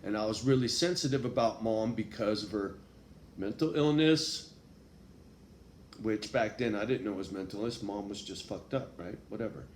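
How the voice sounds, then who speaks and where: A man's voice: on the low side, moderate pace, a little mellow. A man telling a personal story in a casual, profane way, full of street slang and tag questions. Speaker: vlogger. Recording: echoey room with faint background noise.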